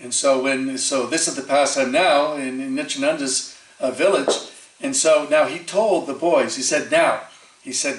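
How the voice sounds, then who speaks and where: A man giving a storytelling sermon at a temple, animated and chatty, acting out the voices in his stories with many fillers. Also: medium pitch. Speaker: temple speaker. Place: temple hall. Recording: echoey hall, distant mic.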